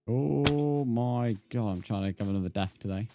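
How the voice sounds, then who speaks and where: A young British man live-streams a game, chatting casually and answering messages from his viewers. His voice is medium-pitched at a moderate pace, with soft music in the background. He's relaxed, reads the chat aloud, and calls people "mate."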